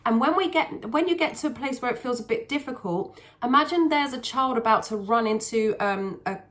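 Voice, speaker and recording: Chatty woman vocal coach, slightly high. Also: brisk, fairly bright tone. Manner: chatty, patient, restarts sentences. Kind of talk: singing lesson, explaining technique.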